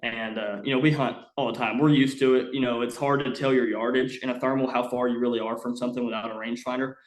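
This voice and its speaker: A young man rambles through a story in a casual, animated way, with plenty of "uh" fillers. His voice sits at an ordinary pitch and rings out in a roomy, echoey space. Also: quick pace. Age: young adult. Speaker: podcast guest. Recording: roomy echo.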